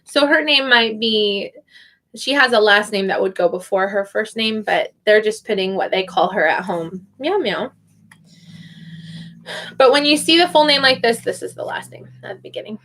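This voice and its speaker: A woman's voice: mid-range voice, normal speed, fairly bright tone. A woman teaching online, chatting casually and hesitantly as she sounds out names one at a time. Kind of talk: casual livestream chat.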